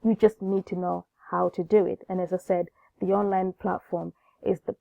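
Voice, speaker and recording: A woman's voice: lowish voice, flat delivery, normal speed, no room sound. A woman with a cold and a groggy voice, hosting an online business class in a chatty way, restarting her phrases often. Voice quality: gravelly. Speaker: online course host. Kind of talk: webinar teaching. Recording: tinny phone-like line, dry.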